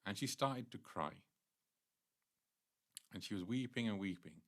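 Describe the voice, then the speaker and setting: Deep-voiced man telling a devotional story. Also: animated, measured pace, a bit bright. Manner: earnest, explanatory storytelling with frequent restarts. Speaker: temple speaker. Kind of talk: devotional class, storytelling sermon.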